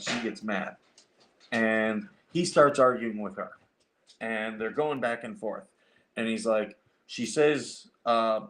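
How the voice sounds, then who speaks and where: A man's voice: on the low side, fairly bright tone. A man hosting a casual chat show, telling a rambling story with lots of fillers and restarts. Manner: rambling, many fillers and restarts, acts out quoted voices. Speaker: show host.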